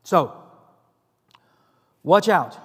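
High-voiced preacher in a reverberant hall. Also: male voice, expressive, extremely slow, breathy edge. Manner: earnest, rising to emphatic stress on key phrases. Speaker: pastor. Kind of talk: sermon.

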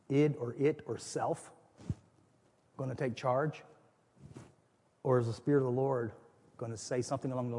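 A man preaching a sermon as pastor, with animated storytelling that acts out scenes. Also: mid-range voice, slightly rough. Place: church. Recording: long reverb of a church hall.

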